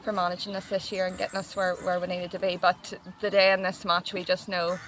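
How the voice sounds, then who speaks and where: A woman's voice: on the low side, little pitch movement, fairly quick, fairly bright tone, slight background noise. A young woman, speaking as team captain in a modest, matter-of-fact post-match interview.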